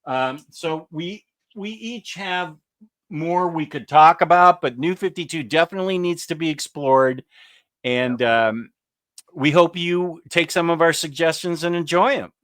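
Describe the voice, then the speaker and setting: A man hosting a laid-back comics show, his voice sitting a bit higher than most. He talks with eager enthusiasm, rambling and full of fillers. The sound is dry and close, with no room echo. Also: measured pace, fairly bright tone. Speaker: comics podcast host. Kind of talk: casual chat.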